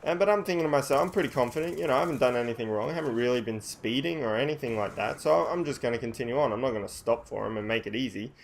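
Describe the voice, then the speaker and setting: Man, casual storyteller, animated, crude language, stumbling restarts. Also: mid-range voice, racing, gravelly, hardly any pauses, slight background noise. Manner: animated, swears freely, rambling restarts. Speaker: vlogger telling a story.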